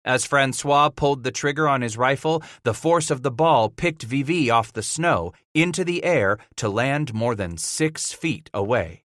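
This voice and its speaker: A man narrating a frontier audiobook in a measured, vivid way. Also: mid-range voice, expressive, a bit bright, dry recording, studio quality.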